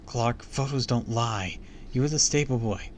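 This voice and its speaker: A man's voice: mid-range voice, a little slow, slight background noise, close to an everyday voice. A man reading aloud and voicing a frightened young girl who accuses and pleads urgently. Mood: pleading. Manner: urgent, pleading, often shouting.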